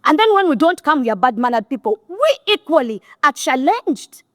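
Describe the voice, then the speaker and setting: A woman's voice: sits high, very animated, normal speed, dry recording, clean studio sound. A middle-aged woman with a Ugandan accent gives a blunt, scolding motivational talk to an audience. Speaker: motivational speaker.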